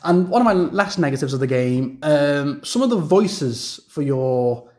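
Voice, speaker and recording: A young man talking through a casual game review rant in a high voice. He rambles, restarts his sentences and repeats himself, with plenty of fillers. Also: expressive, measured pace, a little mellow.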